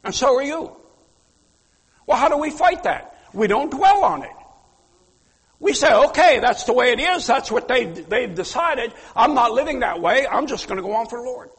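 A man preaching a sermon, fiery and emphatic, with sudden loud outbursts. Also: extremely high pitch, sing-song, moderate pace, slightly rough, big-room sound. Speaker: pastor.

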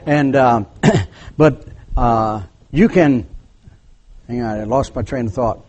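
An older man preaching a sermon, telling a story from his years as a pastor, acting out the voices of the people in it and dropping to a hushed tone at serious points. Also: medium pitch, takes it slowly, muffled recording.

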